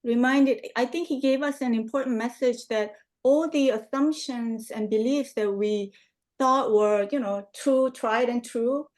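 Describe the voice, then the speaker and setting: A woman's voice: on the high side, unhurried, darkish tone. A woman hosting a class discussion on a video call, chatty and hesitant with many fillers. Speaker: host and course teacher. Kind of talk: casual online discussion.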